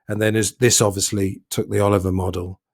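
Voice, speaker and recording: A man's voice: lowish voice, level tone, a little fast, no echo. Chatty Englishman from the south, dry. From southern England. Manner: chatty, thoughtful, laughs often. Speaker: podcast co-host. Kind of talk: casual film discussion.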